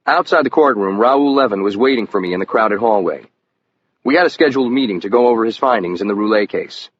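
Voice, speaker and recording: A man's voice: on the low side, fast talker. Man narrating a crime audiobook. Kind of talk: scripted first-person audiobook narration. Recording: muffled lo-fi audio with faint hiss.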